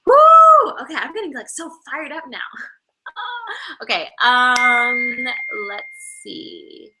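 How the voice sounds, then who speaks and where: A woman's voice: a little high, animated, slow pace, bright, forceful tone, poor audio. Bubbly, gushing woman on a video call. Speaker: fitness instructor answering fan questions. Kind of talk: live online Q&A.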